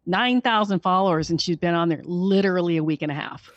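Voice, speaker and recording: A middle-aged woman, a podcaster and author, chatting casually as a guest, blunt and quick to laugh. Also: lowish voice, no echo, lo-fi sound. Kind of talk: casual chat.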